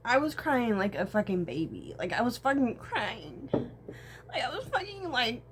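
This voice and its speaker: A young woman speaks to camera in a personal vlog, her fairly high voice very animated and her pace measured. She rambles emotionally, swears often, and swings between crying and laughing, with faint background noise behind her.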